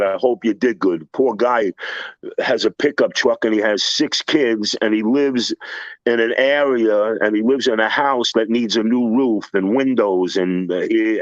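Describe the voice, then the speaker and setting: A man's voice: on the low side, moderate pace, dry recording, dull audio. An older man, a construction contractor, telling a profane story on a podcast with heated, acted-out quotes.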